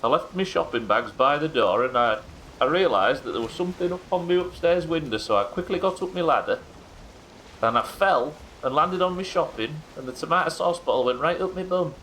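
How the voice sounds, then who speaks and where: A man's voice: a little high, lively intonation, fairly quick, fairly bright tone, slight background noise, voice pushed up, poor audio. Man doing a flustered yorkshire bloke. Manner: rambling, defensive excuses.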